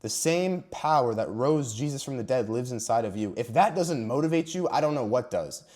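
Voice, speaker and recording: An earnest young man talks straight to camera in a motivational vlog about faith. His voice sits at an ordinary middle pitch. He hammers key words with preachy emphasis and sometimes sounds close to emotional. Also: lively intonation, normal speed, a little mellow. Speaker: Christian motivational vlogger.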